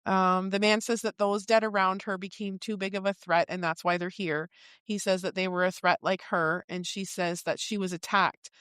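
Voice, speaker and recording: A woman's voice: mid-range voice, normal speed, smooth, dry recording. Woman co-host summarizing chapters in a dry room. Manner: swearing freely, lively summarizing with quoted asides. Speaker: podcast co-host. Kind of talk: casual book club chat, summarizing chapters.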